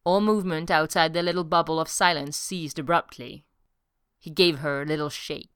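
A woman narrating an audiobook story in a steady, even pace. Her voice is low and smooth. The recording is dry and close to the mic. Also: moderate pace, no echo. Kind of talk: audiobook narration of fan fiction.

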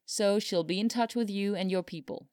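A woman voicing a brisk, patient male political aide with a light teasing manner, in a storybook reading. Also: medium pitch, a little mellow, clean tone, no echo, studio quality, voice pushed up, natural voice. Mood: amused.

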